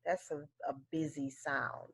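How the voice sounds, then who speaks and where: A woman teaching a phonics lesson to children, slowly drilling pairs of words for the class to repeat. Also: low-pitched, fairly even intonation, a bit bright, no echo. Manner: slow, clearly drilled word pairs.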